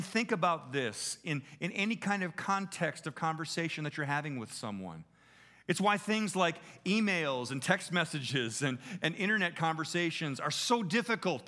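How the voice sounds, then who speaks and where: A middle-aged man preaching a sermon in an emphatic way, often slowing down for stress. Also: fairly high pitch. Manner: animated, emphatic, shifting pace.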